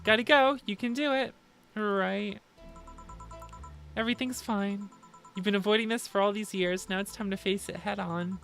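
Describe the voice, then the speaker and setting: A woman streamer reading a game's story aloud and taking on every part herself. Her delivery is plain, at a middle pitch for a woman. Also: fairly even intonation, moderate pace, vocal fry, pauses often, fairly bright tone, faint music behind. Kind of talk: reading game dialogue aloud.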